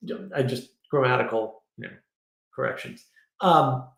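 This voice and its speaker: A man hosting a casual livestream, talking in an opinionated, rambling way with quick asides. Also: medium pitch. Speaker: livestream host. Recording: roomy echo.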